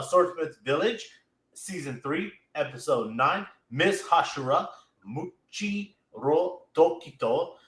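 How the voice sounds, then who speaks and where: Male podcast host, casual, excitable, fills with "man" and "uh"; bright, tense voice, echoey room. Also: fairly high pitch. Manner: excitable, laughs often, many fillers. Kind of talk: casual anime recap chat.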